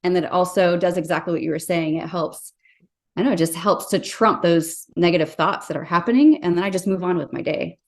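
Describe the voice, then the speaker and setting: A woman's voice: on the low side, steady tone, brisk. A woman in her thirties, a life coach guest on a podcast, talking earnestly and casually with many fillers and restarts. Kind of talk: casual interview talk.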